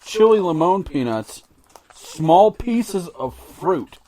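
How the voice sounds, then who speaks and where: Joking middle-aged dad, lively pitch. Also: male voice, takes it slowly. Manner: joking, reads package text in a mock announcer voice. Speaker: podcast co-host, father. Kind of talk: casual snack-tasting chat.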